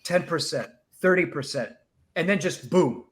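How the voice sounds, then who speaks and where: A man co-hosting a casual podcast chat, enthusiastic and given to quick acted quotes. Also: on the high side, animated, a bit bright, a little hiss or hum. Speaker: podcast co-host.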